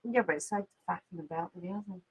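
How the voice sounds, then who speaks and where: A woman co-hosting a casual live stream from home, relaxed, making dry remarks. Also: fairly low pitch, quick pace, slightly rough, rough recording. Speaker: co-host. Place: home sitting room.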